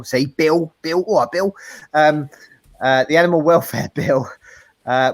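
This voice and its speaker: A man's voice: fairly high pitch, no room sound. A man with a South East London accent co-hosting a casual chat, joking and laughing often at himself. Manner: jokey, laughs often, self-mocking. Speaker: co-host.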